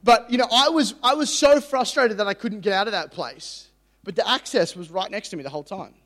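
A young man with an Australian accent preaching a sermon, telling stories in an animated, self-deprecating way with frequent restarts. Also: sits high, brisk. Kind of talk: sermon with personal story. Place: church hall. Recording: reverberant hall.

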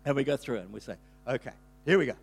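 An older man, a pastor, telling a rambling, animated story in a sermon, breaking into sudden shouts. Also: medium pitch, very fast, creaky, slightly rough.

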